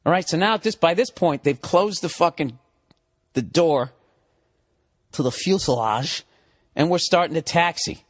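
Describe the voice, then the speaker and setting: Speaking at normal speed with long pauses, a man guesting as a comedian in a podcast studio tells a profane, funny story into the studio mic. His delivery drops to low muttering before rising into high, excited ranting.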